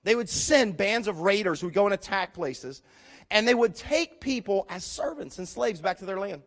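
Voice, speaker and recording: A man preaching a sermon, retelling a scripture story in an animated way and briefly acting out the people in it. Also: high voice, normal speed. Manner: animated storytelling, voicing characters, rising to loud emphasis. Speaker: pastor.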